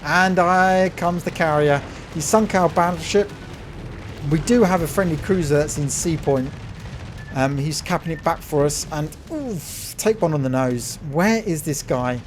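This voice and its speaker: A gaming channel host gives excitable play-by-play over a naval battle game replay, cheering on his teammate and calling his viewers "folks." His fairly high voice runs a little slow, with a bit of hiss or hum in the audio.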